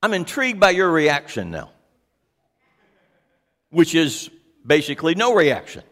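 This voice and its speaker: A pastor preaches in a high, sharply rising and falling voice, unhurried and lingering on every phrase. He's animated and keeps putting questions to the congregation. Each word trails off into a long hall reverb.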